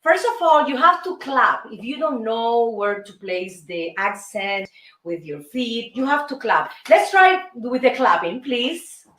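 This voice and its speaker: A woman's voice: on the high side, sing-song, unhurried, fairly bright tone. A Cuban woman with a Cuban Spanish accent hosts her show and teaches basic salsa steps, counting them out in a friendly, coaxing way. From Cuba. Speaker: show host and dance teacher. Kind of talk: casual show hosting with a salsa lesson. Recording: echoey room, voice picked up from a distance, music in the background.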